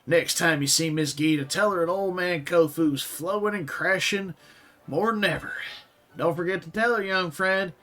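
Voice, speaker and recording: A man voicing a hearty old man with a put-on Southern US accent, reading game dialogue in a booming, drawn-out way. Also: bright, forceful tone. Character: boisterous old sailor-like man.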